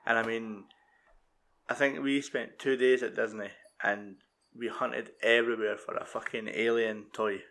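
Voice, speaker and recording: A man's voice: medium pitch, fairly even intonation, unhurried, vocal fry, a bit bright. A Scottish man in his thirties, chatting in a laid-back, sweary way. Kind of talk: casual chat.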